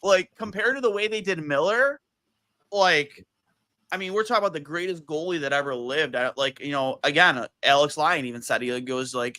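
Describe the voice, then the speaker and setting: A man guesting on a podcast, telling stories in a heated, animated way with lots of fillers. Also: a little high, moderate pace, no echo. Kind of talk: casual chat.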